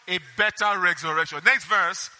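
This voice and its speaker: A man preaching in a high, piercingly bright voice that carries through a hall with a long echo. He reads scripture aloud between remarks and keeps asking his congregation questions for them to answer. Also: moderate pace. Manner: call-and-response questions to the congregation. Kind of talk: sermon. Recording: echoey hall.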